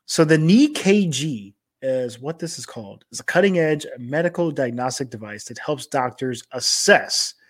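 A man co-hosting a sports technology podcast, talking in a relaxed, loose way full of fillers. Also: medium pitch, normal speed, hardly any pauses. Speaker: podcast co-host. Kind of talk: casual sports tech chat.

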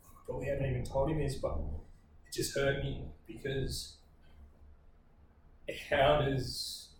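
A man's voice: medium pitch, level tone. Young Australian man in an echoey room. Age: 20s. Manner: earnest, reflective, speaks in halting bursts. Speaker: podcast guest. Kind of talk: personal storytelling in conversation. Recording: very echoey room, distant mic, ambient noise.

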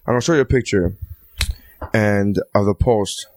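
A man's voice: fairly low pitch, moderate pace, a little mellow, dry recording, clean studio sound. A man in casual podcast chat who often repeats a phrase while gathering his thoughts.

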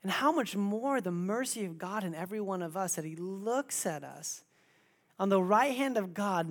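A man in his thirties preaches in church with passion. He drops into quiet, confiding asides, then climbs to loud, emphatic declarations. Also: high voice, animated, unhurried. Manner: impassioned, swings from quiet intimacy to loud exclamation. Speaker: pastor. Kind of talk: sermon.

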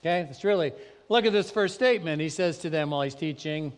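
Animated preacher in a reverberant hall. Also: male voice, a little high, fast talker, clear, resonant tone. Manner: conversational, animated preaching with sudden loud emphasis. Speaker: pastor. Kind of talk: sermon. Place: church sanctuary.

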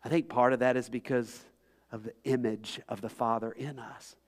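A man preaching a sermon as pastor, impassioned, swinging between loud pleading and hushed, quiet tones. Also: mid-range voice, steady tone, moderate pace.

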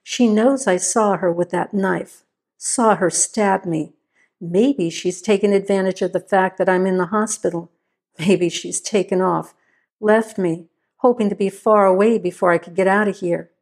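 An angry, suspicious husband laid up and hurting, as a woman reader puts him on. He talks slowly and broods over every word, his voice sitting at an ordinary middle pitch. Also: a little mellow. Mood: brooding.

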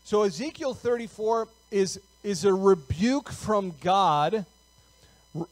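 A man with a high voice preaches a sermon in a relaxed, conversational way, often pausing to check in with the congregation. The recording is dry and close, with no room echo. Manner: conversational, with frequent fillers and "okay?" check-ins. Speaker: pastor.

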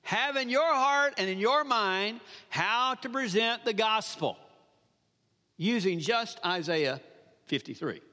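High, lively preacher in a reverberant hall. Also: male voice, slow pace. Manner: emphatic, repeats phrases, asks the congregation questions. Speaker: pastor. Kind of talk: sermon.

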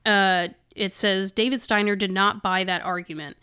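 A woman co-hosting a chatty podcast, her voice smooth and resonant at a middling pitch. She reads news passages aloud and breaks off for indignant, sarcastic remarks. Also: fairly even intonation, normal speed, pushed and bright. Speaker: podcast co-host. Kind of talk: casual chat, reading news excerpts aloud.

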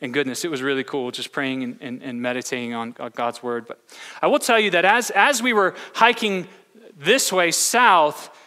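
Male pastor, bright tense voice, chatty sermon full of restarts, echoing church hall. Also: fairly high pitch, moderate pace. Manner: storytelling with many restarts. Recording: long hall reverb.

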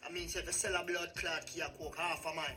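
A man's voice: a little high, little pitch movement, fast. An actor playing a brash male Jamaican gangster in a film, talking in thick patois. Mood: scornful. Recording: film clip, distant mic, loud music.

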